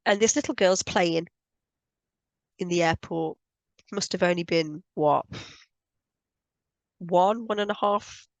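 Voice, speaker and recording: A woman's voice: lowish voice, slow pace, pauses often, no room sound. A woman speaking as a spiritual healer, explaining her views in an earnest, emphatic monologue and repeating points for stress. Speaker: spiritual healer teaching on energy.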